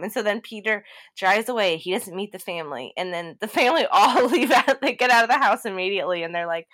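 A woman's voice: medium pitch, fast, hardly any pauses. A woman co-hosting a podcast in casual chat, telling stories animatedly with many "like" fillers. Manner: animated storyteller, many "like" fillers, laughs often. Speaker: podcast co-host. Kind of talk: casual chat recapping a TV show.

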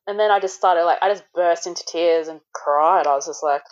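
Low-voiced woman telling her birth story candidly. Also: fairly even intonation, brisk, hardly any pauses, highs cut off. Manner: candid, full of "like", swears now and then. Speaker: guest. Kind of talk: recounting a personal birth story.

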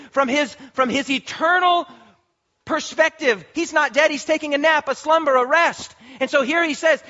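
A man's voice: very high voice, sharp tone. A man preaching a sermon as pastor, emphatic, with repeated words and restarts. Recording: muffled lo-fi sermon recording.

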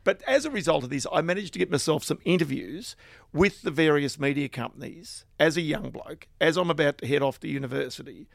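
Aussie bloke spinning stories, a bit higher voice, gravelly edge, dry close sound. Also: male voice, brisk, no echo. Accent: Australian. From Australia. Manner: animated anecdotal storyteller, chuckling asides. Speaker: guest, finance journalist. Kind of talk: casual storytelling interview.

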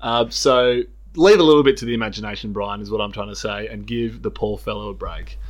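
A man's voice: on the low side, fairly quick. An Australian man co-hosting a sports podcast, chatting casually, laughing often and telling footy stories. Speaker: podcast co-host.

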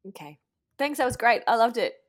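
A woman's voice: fairly high pitch, very animated, brisk. A woman co-hosting a comedy podcast, enthusiastic and emphatic in slangy casual chat. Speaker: podcast co-host.

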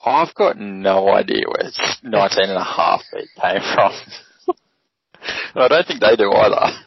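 A man co-hosting a casual sports podcast walks through his explanations with lots of ums. His voice is gravelly and husky. The sound is dry and lo-fi, with no room echo. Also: fairly low pitch, measured pace. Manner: explains at a relaxed pace, with many ums. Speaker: podcast co-host. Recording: dry, dull lo-fi podcast audio.

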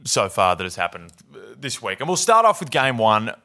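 A man's voice: medium pitch, huge pitch swings, fairly quick, pushed and bright. A man co-hosting a sports podcast, sounding nasal and congested from a cold, giving confident, emphatic opinions. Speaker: podcast co-host. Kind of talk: casual sports podcast chat.

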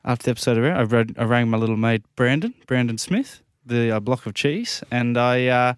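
A man co-hosting a radio show, talking in a mock-earnest, deadpan way. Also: medium pitch, fairly quick, clear, resonant tone, no echo, studio quality. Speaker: co-host. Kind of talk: casual radio chat.

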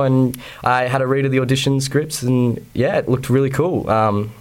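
A man's voice: mid-range voice, fairly even intonation, moderate pace. A young Australian man with an Australian accent, an actor chatting about his play in a casual radio interview, hesitant with many fillers and restarts.

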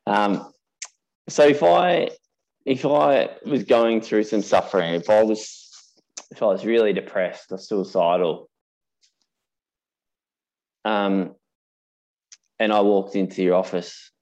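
A man's voice: fairly low pitch, slow pace, pauses often, a little mellow. A man hosting a podcast, asking questions and sharing stories in a rambling, conversational way. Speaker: podcast host. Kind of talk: casual interview chat. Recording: dull lo-fi recording.

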